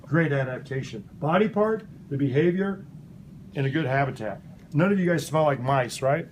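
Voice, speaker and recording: A man teaching a lively, playful science lesson to a class of children, asking them questions as he goes. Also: a little high, moderate pace, slight background noise. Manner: animated, playful, asks kids questions. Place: elementary school classroom.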